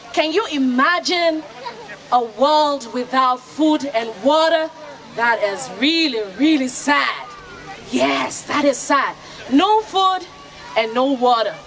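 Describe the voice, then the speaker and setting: High, lively woman storyteller from Nigeria. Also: poor audio. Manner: lively, call-and-response, coaxing children to join in. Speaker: storyteller and radio host. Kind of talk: interactive storytelling for children. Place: outdoor festival kids' area. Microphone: handheld microphone. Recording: outdoor crowd noise in background.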